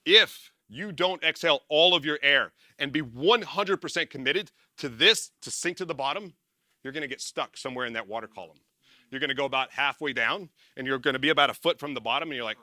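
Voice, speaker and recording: A man giving a casual motivational talk to an audience, energetic and rambling, often correcting himself and laughing at his own slips. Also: mid-range voice, fairly quick, no echo, studio quality. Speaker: former military speaker and success coach.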